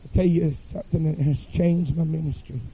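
A man preaching a revival sermon in a church, chanting phrases with "uh" fillers and rising to shouts. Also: a little high, fairly even intonation, a little fast, breathy edge, highs cut off.

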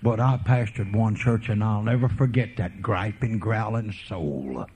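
A man preaching a revival sermon as a folksy evangelist, swinging from quiet murmurs to fervent preaching. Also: fairly low pitch, a little slow, a little hiss or hum. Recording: tinny lo-fi sermon tape.

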